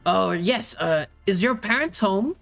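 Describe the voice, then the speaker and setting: A man's voice: high voice, lively intonation, unhurried, creaky, a bit bright, faint music behind, pitched above the performer's own voice, heavily acted. A man voicing an older, polite male stranger who speaks hesitantly in a tabletop game.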